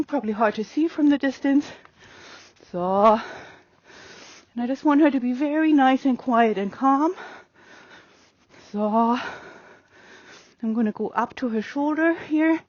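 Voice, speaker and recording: Calm coaxing woman, higher voice. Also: normal speed, no room sound, dull audio. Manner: calm, coaxing, many fillers. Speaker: horse trainer. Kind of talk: explaining training while working a horse. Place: outdoor open riding arena.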